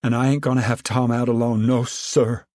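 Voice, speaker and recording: A man's voice: medium pitch, level tone, normal speed, darkish tone, dry recording, studio quality, pitched above the performer's own voice, natural voice. A man voicing an anxious older rural mother, speaking in a firm, pleading drawl.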